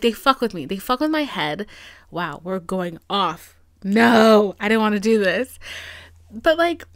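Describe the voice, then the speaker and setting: A young woman in her twenties rants on a podcast, with a fairly high voice. Her delivery is emphatic and full of swearing, and she sometimes drops to a near-whisper for asides. The sound is close and dry. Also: no room sound. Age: 20s. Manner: blunt, profane, emphatic, dips into hushed asides. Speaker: podcast host. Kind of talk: candid personal monologue.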